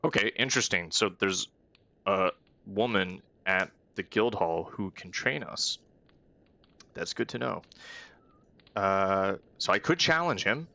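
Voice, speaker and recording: A man's voice: low voice, unhurried, bright, forceful tone, no room sound. A man hosting a let's-play, chatting casually with wry, self-aware asides. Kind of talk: casual game commentary.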